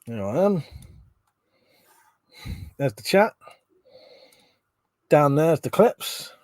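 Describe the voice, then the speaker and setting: A man's voice: fairly high pitch, big pitch swings, extremely slow, a little mellow, no room sound. A man, hosting a casual livestream at home, reading chat and swearing freely between chuckles. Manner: swears often, chuckles, mutters asides. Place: bedroom at home.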